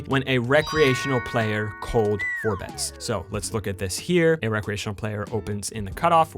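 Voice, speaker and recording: Man, poker coach, instructional lesson, explanatory, dry joking asides, faint guitar music behind. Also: mid-range voice.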